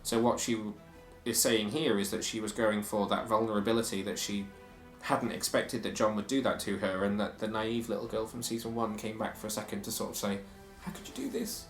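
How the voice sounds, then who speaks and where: A man's voice: lowish voice, level tone, a little fast, few pauses, reverberant, faint music behind. A man co-hosting a podcast in casual chat, sharing strong opinions and reading quotes aloud. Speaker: podcast co-host.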